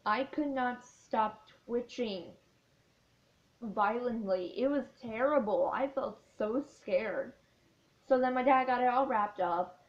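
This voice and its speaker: A teenage girl telling a story in a casual vlog, rambling with lots of filler words. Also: on the high side. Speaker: vlogger. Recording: dull lo-fi sound.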